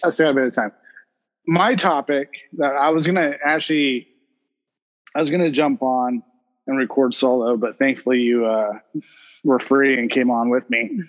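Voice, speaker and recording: A man's voice: medium pitch, steady tone, normal speed, in a large hall, muffled recording. A man hosting a casual podcast, telling a family story and laughing often as he talks. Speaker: podcast host. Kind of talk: casual chat.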